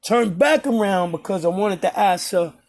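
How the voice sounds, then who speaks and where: A man's voice: sits high, expressive, normal speed. A man telling a personal story in a casual, rambling way, often stopping to correct and repeat himself. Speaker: storyteller recounting a personal encounter.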